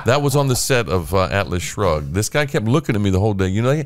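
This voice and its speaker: This older man has a very deep voice that swings widely in pitch as he tells his stories. He animates them by putting on the voices of the people in them, relaxed and chatty as an experienced radio host. The sound is dry and close, with no room around it. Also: fast talker, dry recording. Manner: animated storyteller acting out quoted voices. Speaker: radio host and podcast guest. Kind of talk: casual storytelling chat.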